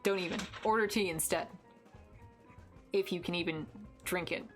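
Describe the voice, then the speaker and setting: A woman's voice: lowish voice, fairly even intonation, normal speed, soft background music. A young American woman streaming, chatting casually while she draws, rambling with lots of fillers and restarts. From United States. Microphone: desk mic with headphones.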